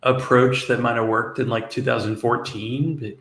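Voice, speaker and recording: A man co-hosting a casual podcast, rambling and hedging, with soft laughs. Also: medium pitch, level tone, moderate pace. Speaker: podcast co-host. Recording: echoey room.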